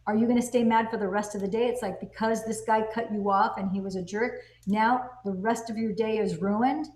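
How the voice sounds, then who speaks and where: A self-help book gets the casual teaching treatment from a host who speaks emphatically and answers her own rhetorical questions. Her voice is medium-pitched, steady, fairly quick, and a bit mellow, heard in a roomy, echoing space.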